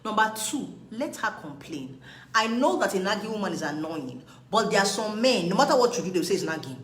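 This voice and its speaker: A woman's voice: medium pitch, very animated, fairly quick, fairly bright tone, echoey room, poor audio. A woman, giving an emphatic, scolding live talk on marriage. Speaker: relationship speaker.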